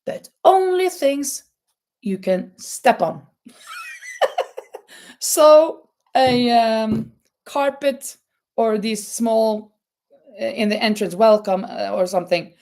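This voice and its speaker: A woman's voice: on the high side, animated, slow, long pauses, a little mellow. A woman with a Norwegian accent chatting casually on a live stream, laughing often and reading out viewer comments. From Norway. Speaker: crochet channel host.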